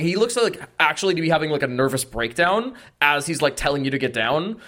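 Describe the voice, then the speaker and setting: A man narrating as game master in a tabletop game, his tone crisp and bright and a little higher than most. He talks casually and loosely, filling his descriptions with "like". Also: fairly quick, few pauses. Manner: lively, casual, with frequent "like".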